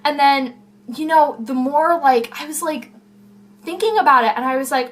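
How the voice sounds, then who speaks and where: A woman's voice: high-pitched, moderate pace. A young woman chatting casually to camera at home in a vlog, rambling and full of fillers. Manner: rambling, filler-heavy, self-interrupting. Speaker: YouTuber. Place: home room.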